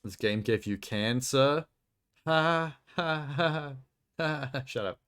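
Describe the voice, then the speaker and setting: A man's voice: medium pitch, takes it slowly, fairly bright tone, clean tone. A young man live-streaming, chatting casually and making crude jokes while browsing trailers. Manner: joking, crude, rambling commentary.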